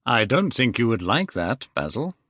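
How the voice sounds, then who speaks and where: A man voicing a witty, cynical aristocratic gentleman in a cool, dry manner. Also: mid-range voice, big pitch swings, moderate pace, no echo. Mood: amused.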